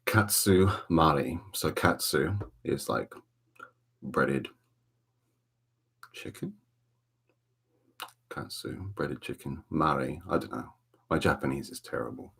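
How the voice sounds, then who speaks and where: A man with a Welsh accent hosting a relaxed ASMR livestream from a dark room at home, chatting softly and greeting viewers by name. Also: very deep voice, takes it slowly, gravelly, long pauses, slightly rough. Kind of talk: soft-spoken ASMR chat.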